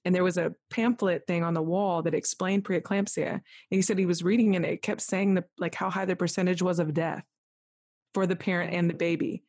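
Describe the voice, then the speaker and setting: A woman with a slightly low voice recounts a frightening personal story as a podcast guest. Her telling is animated and rambling, leaning on "like" and acting out other people's lines, and the sound is close and dry. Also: fairly quick, no room sound. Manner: animated, full of "like", acts out quoted voices. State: tearful at moments.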